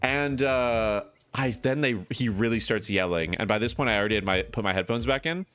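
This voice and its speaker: A man's voice: mid-range voice, a little fast, a bit bright, smooth. A man streaming a video game, telling a rambling, profane story in casual chat, full of fillers and restarts.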